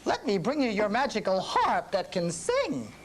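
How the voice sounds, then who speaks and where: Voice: mid-range voice, wildly swooping pitch, moderate pace, rough recording. A man voicing the giant's wife, who warns and then soothes the giant in a raised voice. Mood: soothing. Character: giant's anxious, coaxing wife. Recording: reading with instruments playing.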